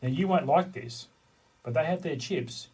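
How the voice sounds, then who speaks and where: A middle-aged man rambles through a story in loose, easy podcast chat, swearing here and there. His voice is slightly husky and sits a little back from the microphone. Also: fairly high pitch, normal speed, a little mellow, recorded from a distance, low-quality recording. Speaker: podcast co-host. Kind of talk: casual chat.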